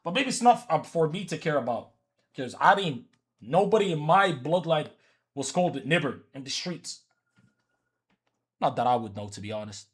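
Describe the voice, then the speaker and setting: A fairly high-pitched man with a husky edge to his voice, chatting loosely on a livestream. He is from Africa and keeps teasing and repeating lines as he answers his chat. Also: lively intonation, moderate pace, long pauses. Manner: repetitive, teasing, talks back to chat. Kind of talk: casual stream chat.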